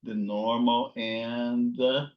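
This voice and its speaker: A man's voice: medium pitch, flat delivery, drawn-out words, muffled recording. A man teaching a physics lesson over slides, thinking aloud and often checking with "okay?" and "right?". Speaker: physics instructor. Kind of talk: recorded lecture with slides.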